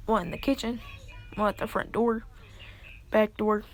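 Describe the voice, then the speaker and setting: A woman's voice: medium pitch, fairly even intonation, moderate pace, a little hiss or hum. A young woman telling a story casually, rambling with lots of fillers.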